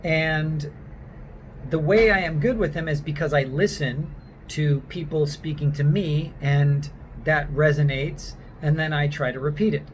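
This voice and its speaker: A self-assured man coaching actors in a casual, chatty lesson, his voice sitting a little high. He talks straight to camera with plenty of "uh"s. A faint hiss runs underneath. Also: steady tone, unhurried, poor audio. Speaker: acting coach.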